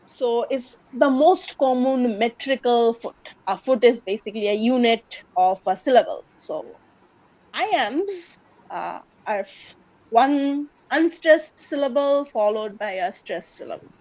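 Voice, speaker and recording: A woman's voice: on the high side, lively intonation, measured pace, darkish tone, no room sound. A woman with a Bangladeshi English accent giving a university English lecture, explaining steadily with occasional filler ums. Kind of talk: recorded classroom lecture. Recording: dull lo-fi lecture recording.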